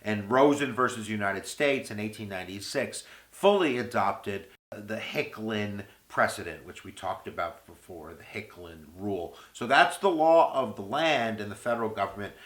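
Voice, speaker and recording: A man giving an energetic history video lecture, full of goofy jokes and playful asides. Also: on the low side, moderate pace, few pauses. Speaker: history teacher. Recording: roomy echo with faint music.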